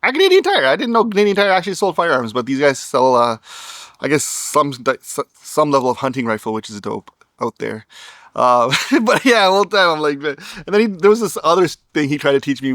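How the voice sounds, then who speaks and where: A man's voice: medium pitch, a bit bright, no echo, studio quality. A man vlogging, telling a story to camera in a wry, sarcastic way and laughing as he goes.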